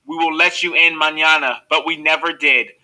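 A man's voice: on the high side, fairly even intonation, normal speed, pushed and bright, rough recording. A man reading the part of a remorseful old Cuban grandfather, speaking in an anguished, pleading way.

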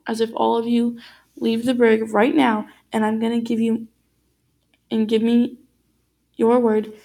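A woman voicing a stern male ship captain, with measured, firm speech. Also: a little high, gravelly, a little mellow, rough recording. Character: stern middle-aged male ship captain, calm authority.

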